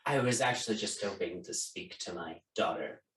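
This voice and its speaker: A man voicing a strict middle-aged father who lectures his daughter in a low, slow voice, recorded in an echoey room from a distance. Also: a crowd in the background, lightly acted. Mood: curt.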